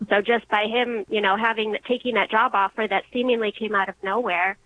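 A young woman calling in to share an emotional personal testimony, earnest and halting, restarting when moved. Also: mid-range voice, fairly even intonation, dry recording. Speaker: caller. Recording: muffled phone line.

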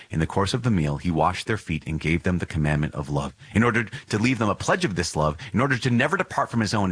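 A man's voice: low-pitched, a bit bright, slightly rough, dry recording. A man hosting a podcast, reading and reflecting on a religious text. He speaks earnestly and emphatically, often repeats phrases, and chuckles now and then. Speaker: podcast host.

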